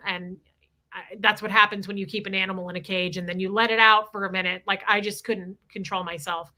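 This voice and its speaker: A middle-aged woman hosting a livestream, telling a story in a candid, animated way and swearing freely. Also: medium pitch, brisk. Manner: animated, candid, swears freely, reads super chats aloud. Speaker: livestream host.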